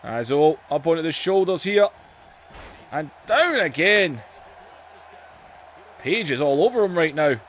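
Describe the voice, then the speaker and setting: A man doing excitable play-by-play commentary over a wrestling video game, his voice going hoarse, shouting out the moves and often saying "man". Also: on the high side, measured pace, long pauses, a little hiss or hum.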